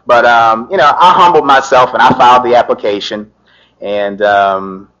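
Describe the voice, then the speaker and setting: Middle-aged man, lawyer, animated personal storytelling, lots of "you know", mid-pitched, dull lo-fi sound. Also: normal speed. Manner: animated, frequent "you know" fillers, laughs through it. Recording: dull lo-fi recording.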